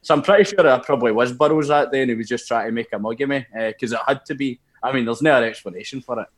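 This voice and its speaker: A young man with a Scottish accent, co-hosting a casual podcast and telling animated football anecdotes, laughing as he goes. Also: medium pitch, rapid-fire. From Scotland. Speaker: podcast co-host. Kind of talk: casual storytelling chat.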